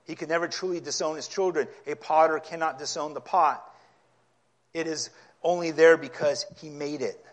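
Male preacher with a higher-pitched voice; an expository sermon that swells into near-yelling. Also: normal speed. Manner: impassioned, rising to yelling at times; reads scripture aloud and explains it.

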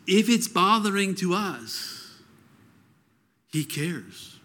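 A pastor with a high voice and drawn-out words preaches a sermon in an earnest, conversational way. He reads scripture and breaks into animated, quoted outbursts.

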